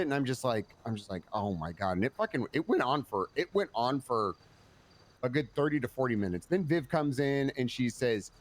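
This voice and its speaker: A man's voice: medium pitch, animated, quick pace. A tired man playing a police commander in a game roleplay, telling a long story in a rambling way, swearing and restarting often. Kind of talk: in-character roleplay chat.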